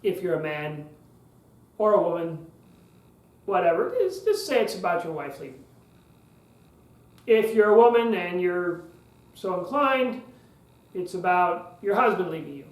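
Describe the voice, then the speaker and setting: Male podcast host teaching public speaking; high voice, emphatic, deliberate pauses. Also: big pitch swings. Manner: emphatic, repeats key phrases, uses long pauses. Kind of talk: instructional podcast talk. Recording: roomy echo.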